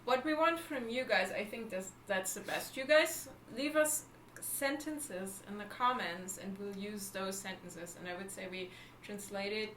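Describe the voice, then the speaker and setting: A woman's voice: mid-range voice, moderate pace, a bit bright. A woman from Germany with a German accent, co-hosting a casual livestream chat and often searching for words. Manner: chatty, restarts sentences, searches for words. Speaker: livestream co-host. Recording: echoey room with faint background noise.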